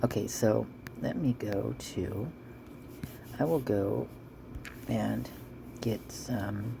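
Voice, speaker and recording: A woman's voice: extremely low pitch, slow pace, vocal fry, pauses often, background noise. A woman chatting casually and rambling as she reads out local police reports, at times chewing while she talks. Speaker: vlogger reading police reports.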